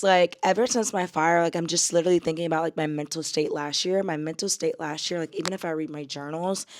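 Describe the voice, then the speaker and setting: A young woman talks to camera in a relaxed travel vlog. Her voice sits a little low for a woman. She rambles warmly through stories, peppering them with fillers and y'all. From United States. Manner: chatty, many fillers, addresses viewers as y'all. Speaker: travel vlogger. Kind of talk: casual vlog chat to camera.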